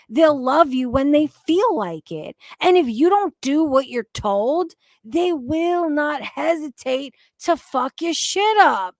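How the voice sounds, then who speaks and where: A woman's voice: high voice, lively intonation, takes it slowly, few pauses, dry recording, clean studio sound. A woman hosting a casual livestream, talking in an emphatic, profane, rambling way about online drama. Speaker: livestream commentary host.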